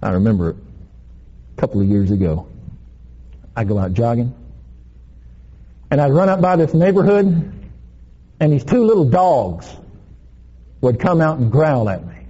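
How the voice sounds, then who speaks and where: Animated preacher man with lo-fi sound. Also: medium pitch, normal speed, long pauses, breathy edge. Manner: animated, playful storytelling, laughing. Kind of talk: sermon with personal story.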